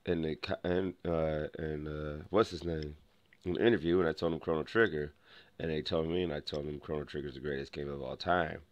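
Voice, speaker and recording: A man's voice: rumbling low, fairly even intonation, brisk, lo-fi sound. A young man vlogging, telling a rambling personal story full of restarts and acted-out dialogue. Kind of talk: casual storytelling to camera.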